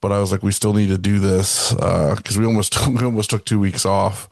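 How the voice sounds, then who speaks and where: A man's voice: fairly low pitch, fairly even intonation, a little fast, creaky, a little mellow, no room sound, clean studio sound. A man co-hosting a casual podcast who sounds tired and talks in a laid-back, teasing way and swears offhandedly. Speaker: podcast co-host. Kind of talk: casual chat.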